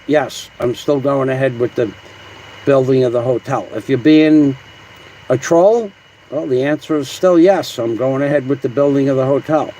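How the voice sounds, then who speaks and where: A man's voice: mid-range voice, a little mellow, slight background noise, rough recording. A man hosting a casual livestream, rambling and combative as he reads viewer comments aloud. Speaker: livestream host.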